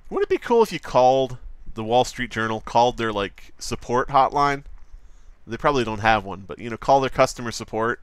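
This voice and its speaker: A man's voice: mid-range voice, expressive, brisk, clear, resonant tone, no echo. A man chatting casually on a live stream while drawing at his desk at home, rambling, jokey and profane, often slipping into mock voices.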